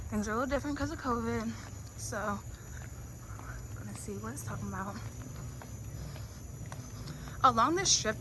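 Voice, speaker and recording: A young woman vlogging on a walk, chatty and out of breath as she heads uphill. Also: mid-range voice. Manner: chatty, walking uphill while talking. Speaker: travel vlogger. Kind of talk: casual vlog narration. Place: outdoors on a hillside street at night. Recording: outdoor noise with crickets.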